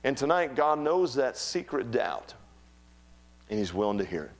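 Animated preacher man. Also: medium pitch, moderate pace. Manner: animated preaching with humor and acted quotes. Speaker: pastor. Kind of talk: sermon.

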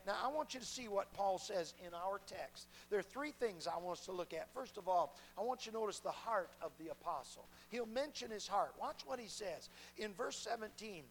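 A middle-aged male pastor with a fairly high voice delivers a sermon full of folksy anecdotes. His delivery is emphatic, rising loud and then dropping soft. A faint hum sits under the recording. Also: expressive, normal speed, few pauses, rough recording.

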